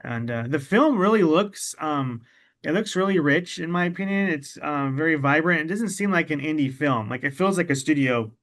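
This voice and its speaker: A man's voice: a little high, expressive, normal speed, a bit bright. A man hosting an interview, asking loose, rambling questions in a friendly way. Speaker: interview host. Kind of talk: casual interview.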